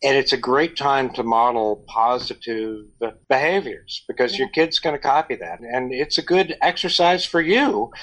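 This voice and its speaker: A man's voice: medium pitch, moderate pace, few pauses, a bit bright, rough recording. A middle-aged man in casual conversation, giving earnest parenting advice. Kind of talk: casual chat.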